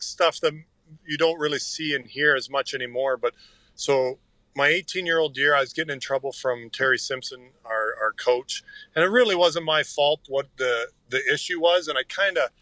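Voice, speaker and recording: A man's voice: mid-range voice, sharp tone, no room sound. A middle-aged man, a former hockey player, telling earnest and rambling anecdotes as a podcast guest. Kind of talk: casual interview storytelling.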